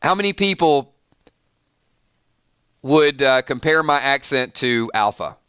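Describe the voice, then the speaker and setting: A man's voice: mid-range voice, expressive, takes it slowly, bright, forceful tone, smooth, dry recording, clean studio sound. A man with a Georgia accent, casually hosting a live stream and reading viewer chat in an easygoing, folksy way with frequent chuckles. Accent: Georgia, US South. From Georgia, USA.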